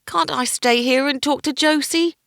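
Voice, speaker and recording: A woman's voice: sits high, big pitch swings, a little slow, fairly bright tone, no echo, clean studio sound, voice pushed up, full character voice. A woman voicing a young, emotional male palace guard who whines and chokes up. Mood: whiny. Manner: whiny, choked up.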